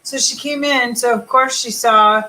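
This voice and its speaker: A woman's voice: fairly high pitch, steady tone, a little slow, pushed and bright, a little hiss or hum, poor audio. A woman hosting a casual live chat with her sales team, telling stories and answering viewer comments. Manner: chatty, storytelling, reads viewer comments aloud.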